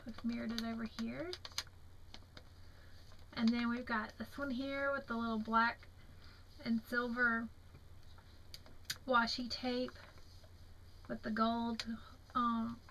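Against a noisy background, a young woman with a slightly high voice and a Southern American accent chats admiringly about her craft mail at home. She's a crafting vlogger, tired and yawning, speaking slowly and drawing things out in a casual show-and-tell.

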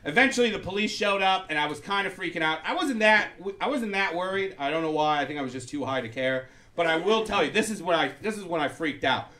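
A man telling a loose, rambling stand-up story on stage, breaking into loud punchlines. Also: fairly high pitch, lively intonation, fast talker, hardly any pauses. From Persian heritage. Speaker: stand-up comedian. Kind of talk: stand-up comedy set. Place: comedy club before a live audience. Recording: live club audience laughter.

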